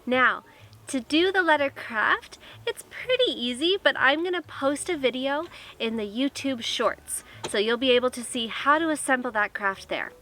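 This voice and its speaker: A woman's voice: sits high, lively intonation, moderate pace, sharp tone, slight background noise. A woman teaching a kindergarten lesson, talking cheerfully and coaxingly straight to young children.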